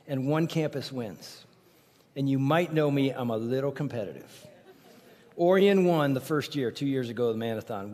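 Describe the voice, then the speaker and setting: High-voiced, joking male pastor in a big hall. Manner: animated, joking, competitive banter with the crowd. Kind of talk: sermon with personal storytelling. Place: large church auditorium. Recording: long reverb of a large church hall.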